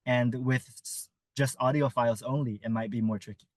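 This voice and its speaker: A man answering audience questions in an online webinar, speaking at a middling pitch. He is thoughtful and measured, filling pauses with ums and uhs. The sound is dry and close, with no room around it. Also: steady tone, dry recording. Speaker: research fellow answering questions.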